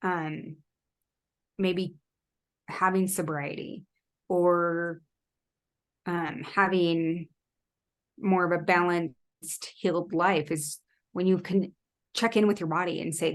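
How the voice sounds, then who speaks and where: A woman who is a guest on a podcast, speaking reflectively in casual conversation, pausing to think with "um". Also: on the low side, steady tone. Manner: reflective, thoughtful, with fillers. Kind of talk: casual interview chat.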